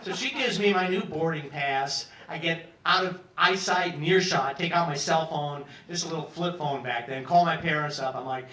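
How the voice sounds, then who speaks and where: A man's voice: a little high, moderate pace, hardly any pauses. A man in his sixties from Peoria telling a long personal story on a pub stage, acting out the other people's lines and swearing freely. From Peoria, Illinois, US. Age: 60s. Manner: animated, acts out other people's lines, profane. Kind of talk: live storytelling monologue. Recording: roomy, from some distance.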